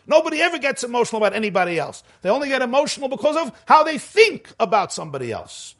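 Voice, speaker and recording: A man teaching a Torah class. He reads the source text fast, translates it, then explains it with slow, emphatic phrasing and an occasional chuckle. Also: sits high, wildly swooping pitch, gravelly, fairly bright tone, slightly rough.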